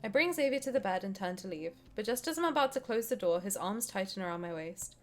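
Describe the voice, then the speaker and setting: A young woman streaming, reading a game aloud and reacting with excited, swearing banter. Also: medium pitch, quick pace, soft background music.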